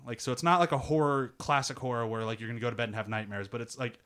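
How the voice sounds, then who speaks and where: A man casually pitching a film to others, laid-back, laughing often, swearing and full of "like" fillers. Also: steady tone, very fast, a bit bright, clean tone. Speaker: panelist pitching a movie. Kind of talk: casual spoken movie pitch.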